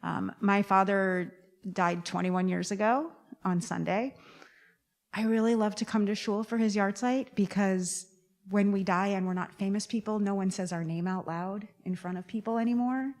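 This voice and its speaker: A middle-aged woman in the congregation sharing a remembrance, talking informally with frequent pauses. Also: mid-range voice, steady tone, a little mellow. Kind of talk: casual spoken remembrance.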